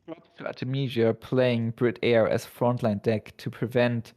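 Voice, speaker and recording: A man speaks slowly as a co-caster on a strategy card game stream. His mid-pitched voice weighs the plays, and he pauses and restarts now and then. The tone is relaxed analysis. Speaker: esports co-caster. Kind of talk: color commentary.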